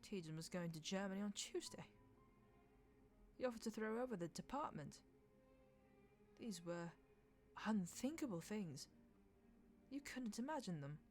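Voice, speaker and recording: A woman reading a classic novel aloud in measured, lightly dramatic narration over faint background music. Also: mid-range voice, expressive, darkish tone.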